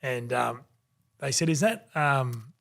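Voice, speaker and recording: A man's voice: medium pitch, slow pace, vocal fry. A man in his forties with an Australian accent, a podcast guest telling stories and acting out the people in them. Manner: animated anecdotes, acting out quoted voices. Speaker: guest, former rugby league player. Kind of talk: storytelling in a podcast interview.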